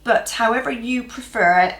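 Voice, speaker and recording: A woman's voice: a little high, moderate pace, fairly bright tone, reverberant, rough recording. A woman host giving chatty, practical step-by-step cooking instructions in her home kitchen. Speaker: cooking vlogger. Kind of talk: casual cooking demonstration.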